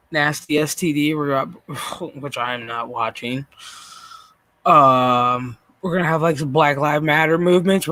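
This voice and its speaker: A man's voice: on the high side, bright, forceful tone, no echo. A man streaming a profane, exasperated reaction rant with frequent sighs, talking straight into his mic. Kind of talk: ranting reaction commentary.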